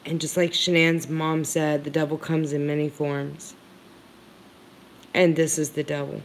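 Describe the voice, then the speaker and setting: A woman commentating on a livestream, her voice low and steady in pitch with little rise and fall. She speaks slowly and earnestly, leaning hard on her points. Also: a little hiss or hum. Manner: earnest, heartfelt, emphatic.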